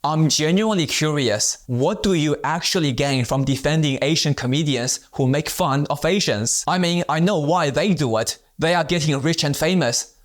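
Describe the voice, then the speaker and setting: A man narrating a scripted commentary video in a blunt, measured, pointed way. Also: a little high.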